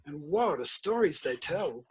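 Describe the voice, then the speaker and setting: An older man, a guest author and principal telling stories in a measured, reflective interview. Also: fairly high pitch, very animated, a little hiss or hum, low-quality recording. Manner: measured storytelling, tells anecdotes.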